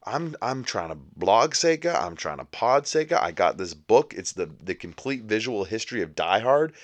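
Low-voiced man on a comic rant. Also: dry recording. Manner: exasperated, mock-indignant ranting. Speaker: podcast host.

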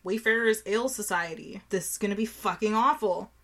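A young woman co-hosts a casual podcast in an ordinary, mid-pitched voice. She is blunt and sarcastic and swears freely. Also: fairly quick, fairly bright tone. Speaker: podcast co-host. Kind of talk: casual chat, beer tasting.

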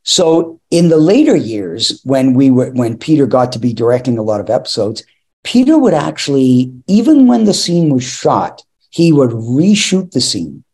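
A man who is an actor and a guest on an interview, telling animated, rambling anecdotes with laughter and restarts. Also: mid-range voice, moderate pace, husky. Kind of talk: interview storytelling.

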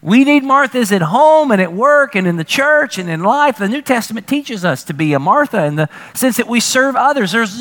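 A man preaching a sermon as pastor, animated and humorous, with frequent rhetorical questions to the congregation. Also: extremely high pitch.

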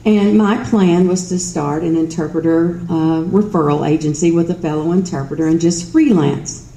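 A middle-aged woman with a Kentucky Southern accent tells stories at an event in a chatty, self-mocking way. Her voice is low and mellow. The sound carries the roominess of a hall, with a faint hum of ambience underneath. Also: creaky. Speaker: speaker at an event. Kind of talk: storytelling speech.

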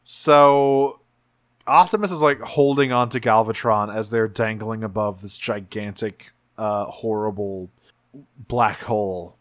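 A man's voice: on the low side, a little slow, no room sound, clean studio sound. A man co-hosting a podcast, recapping episodes in casual chat, rambling with lots of restarts and fillers. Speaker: podcast co-host recapping a cartoon series.

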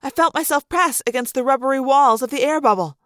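A woman with a high voice reads a novel aloud in the first person. Her narration is expressive and dramatic. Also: fast talker, dry recording. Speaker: audiobook reader.

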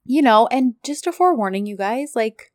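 A podcast co-host chats casually in a fairly high, lively voice at normal speed. She talks easily and is full of fillers, especially "like." The studio-quality recording has no room sound.

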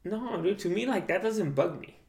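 A young man chats with a friend in loose, slangy, rambling talk. His voice has a gravelly fry and swings widely in pitch. The room around him is echoey. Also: lively intonation, normal speed, a little mellow. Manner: slangy, rambling, lots of "like" and "dude". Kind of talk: casual chat.

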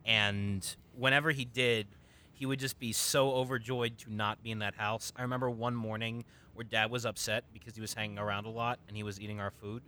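A man's voice: lowish voice, level tone, a little fast, sharp tone. A man telling a long, rambling personal story in a casual chat, full of ums and restarts.

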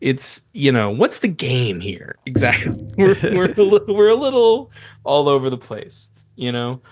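A man co-hosting a casual comedy podcast, rambling and halting, with frequent laughs. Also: mid-range voice, sing-song, background noise. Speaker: podcast co-host.

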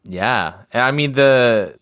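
A man co-hosting a casual podcast chat, describing things in slow, halting phrases and chuckling often. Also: medium pitch, animated, fairly bright tone, smooth, no room sound, studio quality. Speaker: podcast co-host.

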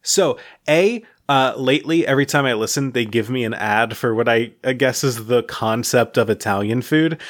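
A man co-hosts a casual podcast with a mid-pitched voice. He tells winding stories, piling up "like" and false starts and breaking into laughter mid-sentence. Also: moderate pace, hardly any pauses. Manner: rambling storyteller, full of "like" and restarts, laughing mid-sentence. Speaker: podcast co-host. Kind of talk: casual chat.

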